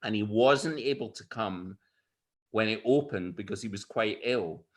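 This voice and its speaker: An older Scottish man telling stories and anecdotes as an interview guest, lively and expressive. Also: lowish voice, a little slow. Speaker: storyteller guest. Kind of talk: animated anecdotal storytelling.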